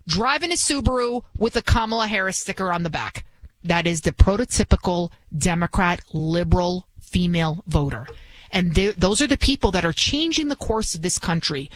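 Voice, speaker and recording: A woman's voice: on the low side, no room sound, poor audio. A woman in her forties, hosting a radio talk show with an indignant, ranting monologue. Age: 40s.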